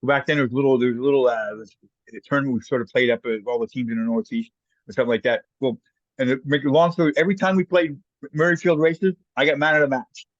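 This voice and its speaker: A man's voice: mid-range voice, fast, dry recording, highs cut off. A Canadian man, a former hockey player, telling stories casually as a guest and acting out the voices of people he quotes. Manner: animated anecdotes, acts out quoted voices. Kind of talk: casual storytelling.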